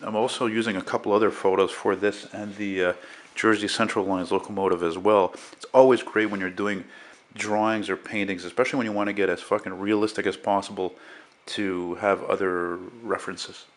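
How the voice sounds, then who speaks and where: A man's voice: fairly low pitch, brisk. A man casually rambling and swearing as he shows his painting in a home vlog. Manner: rambling, profane, relaxed. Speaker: artist vlogger. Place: at home beside a window.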